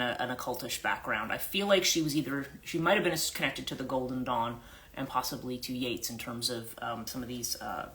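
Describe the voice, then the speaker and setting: A woman's voice: a bass voice, sharp tone, a little hiss or hum. A woman who works as a life coach, retelling a story in a rambling, casual livestream chat with many restarts and self-corrections.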